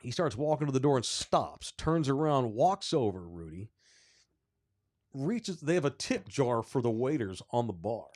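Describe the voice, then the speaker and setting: A man co-hosting a sports podcast, telling a story in casual, animated, profane talk. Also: mid-range voice, measured pace. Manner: animated, profane, rising when excited. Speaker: podcast co-host.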